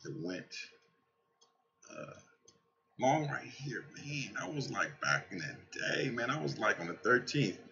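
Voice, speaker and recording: A man giving casual, excitable trading commentary over a screen share, swearing and talking straight to his viewers, tired from a night without sleep. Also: medium pitch, measured pace, creaky, long pauses, lo-fi sound, a little hiss or hum. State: tired from staying up all night. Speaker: crypto trading channel host.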